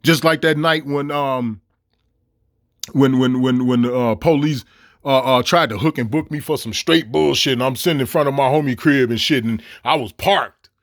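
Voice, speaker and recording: A middle-aged man telling a long story to camera in a profane, animated rant, stammering through restarts. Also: mid-range voice, moderate pace, no room sound, clean studio sound. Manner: animated and swearing, with laughs and repeated stammered restarts. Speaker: vlogger. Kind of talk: profane ranting monologue.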